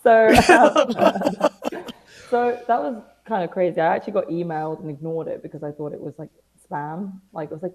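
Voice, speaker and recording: Young woman, British accent, podcast guest, dry self-mocking humor, warm dark tone. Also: on the low side, normal speed, rough recording. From Britain. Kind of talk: casual interview chat.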